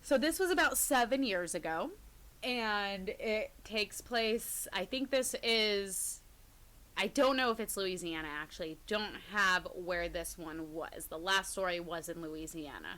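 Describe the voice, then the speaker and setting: A woman co-hosting a podcast, casually retelling creepy stories, sometimes dropping to a hush and often laughing. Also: medium pitch. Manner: retells scary stories, drops to hushed tones, laughs often. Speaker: podcast co-host. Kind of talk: casual storytelling chat.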